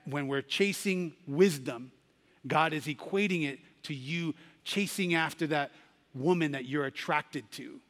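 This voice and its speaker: A man's voice: fairly high pitch, a bit bright, in a large hall. A man preaching a sermon, telling a story and rising to emphatic Bible readings.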